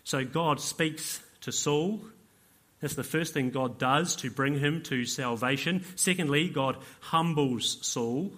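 A man preaching a sermon earnestly, dropping to hushed appeals and rising to emphatic points. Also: fairly high pitch, slow pace.

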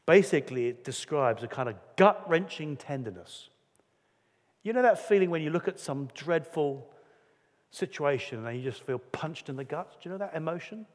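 A man's voice: a little high, lively intonation, moderate pace. A man preaching a sermon in an earnest, conversational way, acting out quotes as he goes. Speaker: pastor. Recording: long hall reverb.

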